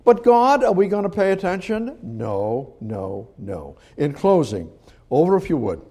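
A man preaching a sermon on scripture, emphatic and repetitive, swinging from loud pleas to quiet asides. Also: high voice, sing-song, moderate pace.

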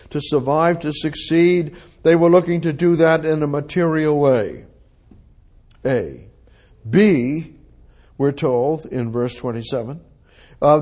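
A man's voice: on the high side, a little mellow. A man preaching, teaching verse by verse through a Bible passage, reading scripture aloud and repeating his points to drive them home.

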